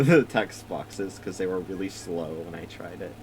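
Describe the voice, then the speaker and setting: A man's voice: low voice, normal speed, a little mellow, a little hiss or hum, low-quality recording. A young man casually narrating a video game he is starting, rambling, swearing and laughing often. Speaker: let's play streamer. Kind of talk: casual gameplay commentary.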